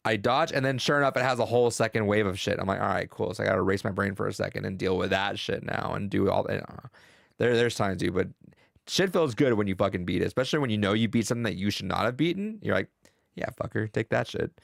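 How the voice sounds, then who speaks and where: A young man rambles excitedly about a game he is playing, with plenty of swearing. His voice is low and gravelly, with lots of fry. The sound is dry and close. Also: fast, no echo. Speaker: podcast co-host. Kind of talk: casual gaming chat.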